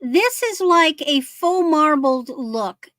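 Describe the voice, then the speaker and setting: Casting: high-pitched, unhurried woman, excitable seller on a live stream, dry close sound. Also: dry recording. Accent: American. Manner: gushing, excited over jewelry details. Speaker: online vintage seller. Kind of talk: live sale show chat.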